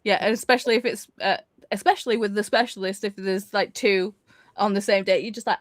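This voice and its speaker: A chatty woman with a mid-range voice joins a casual livestream. She adds quick joking asides and laughs often, recorded dry and close. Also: medium pitch, fairly even intonation, no room sound.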